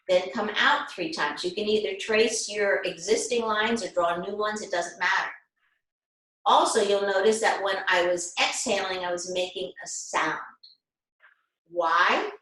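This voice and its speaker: A woman instructor teaches an online class over a video call, gently guiding her students through each step and checking in with them often. Her voice is at an ordinary middle pitch, and the room gives a clear echo.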